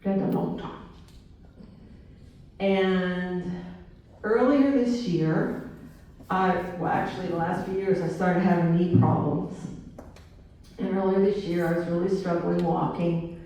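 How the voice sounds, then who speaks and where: A woman in her sixties giving a talk to students, telling a story with lively acted-out dialogue. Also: on the low side, slow, pauses often. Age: 60s. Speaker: motivational speaker. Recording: very echoey hall, speaker far from mic.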